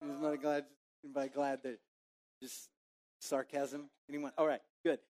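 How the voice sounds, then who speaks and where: A man preaching a sermon in a church, animated and joking, acting out a muttering crowd. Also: mid-range voice, moderate pace. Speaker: pastor.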